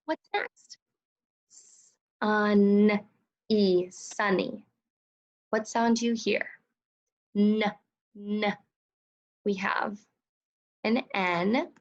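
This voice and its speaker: A woman teacher guides young children through a phonics lesson at a slow, careful pace. Her voice carries a touch of vocal fry, and she patiently sounds out each word. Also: on the high side, lively intonation, highs cut off. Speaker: second grade teacher.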